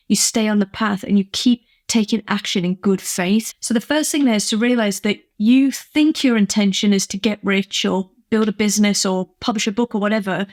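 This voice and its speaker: A woman's voice: mid-range voice, a little mellow. A woman business coach from England giving an earnest, emphatic motivational vlog talk, acting out little quoted exchanges.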